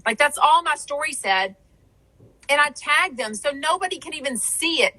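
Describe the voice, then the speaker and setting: A woman's voice: high voice, expressive, moderate pace, pushed and bright, poor audio. A woman hosting a podcast, chatting casually in a rambling way with lots of fillers. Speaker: podcast host. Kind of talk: casual chat.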